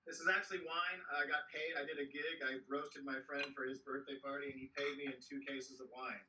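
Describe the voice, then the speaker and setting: A man's voice: a little high, little pitch movement, a little fast, sharp tone. A man in his thirties doing a stand-up comedy set from his home office over a video call, rambling with self-deprecating asides. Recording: distant, noisy video call audio.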